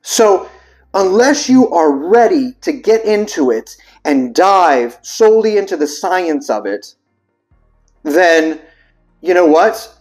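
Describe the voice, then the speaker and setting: A man's voice: high-pitched, big pitch swings, slow, darkish tone, soft background music. A man, a vocal coach, reading terms aloud and reacting with puzzled asides, now and then singing vowels to show them. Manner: breaks into sung vowel demonstrations. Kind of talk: casual explainer video.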